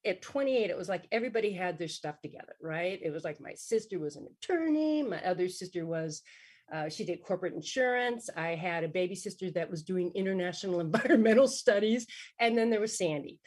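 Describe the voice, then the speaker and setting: A middle-aged woman telling a personal story as a guest on a talk show, animated, laughing often and voicing other people in her tale. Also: fairly low pitch, breathy edge. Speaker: guest author and coach.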